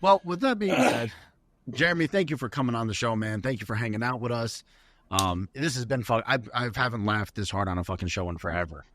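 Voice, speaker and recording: A man co-hosting a podcast with quick, joking roast-style banter. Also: medium pitch, fairly bright tone. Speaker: podcast co-host. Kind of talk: casual podcast chat.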